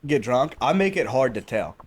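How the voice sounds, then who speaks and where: A man's voice: mid-range voice, big pitch swings, normal speed, husky. A laid-back man co-hosting a podcast in casual chat, speaking frankly. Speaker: podcast co-host.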